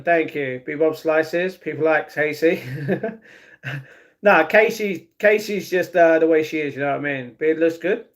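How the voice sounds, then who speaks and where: A young man chatting casually on a livestream, reading and answering his chat, often adding "you know what I mean". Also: on the high side. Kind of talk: casual live-stream chat.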